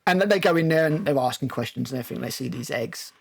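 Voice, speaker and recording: A man's voice: medium pitch, lively intonation, quick pace, creaky, breathy edge. A man with a British accent hosting a casual film discussion, recapping scenes at length with many ums and restarts. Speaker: film review host.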